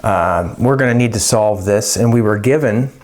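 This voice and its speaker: A man's voice: on the low side, normal speed, a little hiss or hum. Folksy, rambling man teaching chemistry. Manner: folksy, rambling, jokey asides. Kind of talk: casual lecture.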